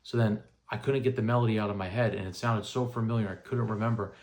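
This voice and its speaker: A man's voice: on the low side, fairly even intonation, quick pace, darkish tone. A man in his thirties casually telling a first-person story, rambling with lots of "you know" and "right?". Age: 30s. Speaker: vlogger recounting paranormal experiences.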